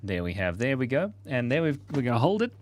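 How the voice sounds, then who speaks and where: Man, livestream host, playful, chatty, laughs often, mid-pitched voice. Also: sing-song, fast talker. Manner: reads viewer comments aloud. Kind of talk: casual live-stream chat while drawing.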